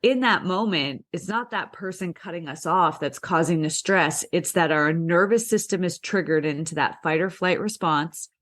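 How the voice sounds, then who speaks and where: A woman's voice: fairly low pitch, normal speed, few pauses, a bit bright. A young woman, a podcast guest, explaining things in an earnest, conversational way and acting out people's inner voices.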